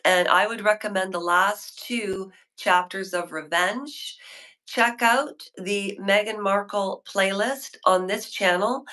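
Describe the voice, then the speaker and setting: A woman hosts a rambling live stream, chatting with her viewers from a hotel room. She talks at an unhurried pace, and her voice is bright and forceful. She is opinionated and keeps drifting from one thought to the next. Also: medium pitch. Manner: chatty, opinionated, wanders off topic. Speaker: livestream host.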